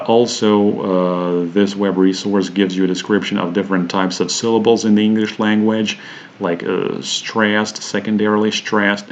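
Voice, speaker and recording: Man, pronunciation teacher: deep monotone, hesitant with fillers, muffled recording. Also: a little hiss or hum. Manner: halting, many "uh" fillers, slows to spell out example words. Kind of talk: screen-share teaching walkthrough.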